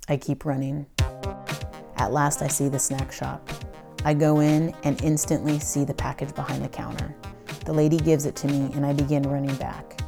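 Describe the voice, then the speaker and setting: A woman with a low, gravelly voice narrates her own story. She tells it breathlessly and dramatically, letting a curse slip now and then. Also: flat delivery, moderate pace, mellow, faint music behind. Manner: breathless, dramatic, swears at times. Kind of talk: first-person storytelling.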